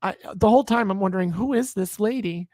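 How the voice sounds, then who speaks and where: A woman in her fifties from upstate New York, a guest telling an animated, salty anecdote and acting out other people's lines. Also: medium pitch, fast, no room sound. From Sullivan County, New York, USA. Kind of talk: anecdotal storytelling in a video chat.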